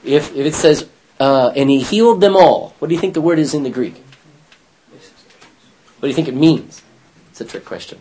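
A man's voice: fairly high pitch, expressive, normal speed, long pauses, mellow, slightly rough, poor audio. A man leading a Bible study class, reading scripture aloud and putting questions to his students.

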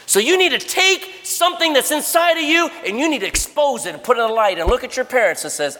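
A middle-aged man preaching a sermon to young people at a camp, animated and swinging from low murmurs to loud exhortation. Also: fast, few pauses. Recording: long hall reverb.

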